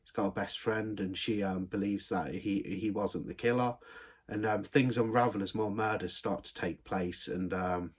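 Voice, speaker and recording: A man's voice: lowish voice, fairly even intonation, normal speed, breathy edge. A young man giving a rambling film review, full of ums. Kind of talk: casual unboxing review.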